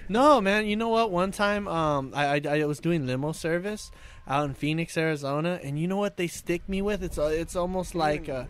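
A man's voice: fairly high pitch, moderate pace. A man in casual podcast chat, crude and joking, laughing often as he tells stories.

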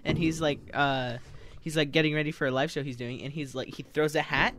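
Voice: mid-range voice, steady tone, a little fast, background noise. A podcast host telling a story in casual chat, laughing mid-sentence.

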